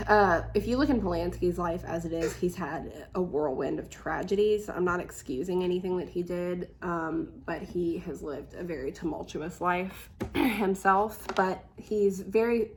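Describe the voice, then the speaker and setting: A woman's voice: fairly low pitch, slight background noise. A woman hosting casual true-crime chat from her home, reading from notes with lots of ums. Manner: chatty, reads from notes, many ums. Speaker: host.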